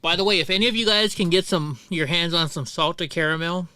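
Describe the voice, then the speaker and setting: Bright, crisp-voiced man telling stories. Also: on the high side, fairly quick, no echo. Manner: rambling, profane, many restarts. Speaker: livestream host. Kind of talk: casual storytelling on a livestream.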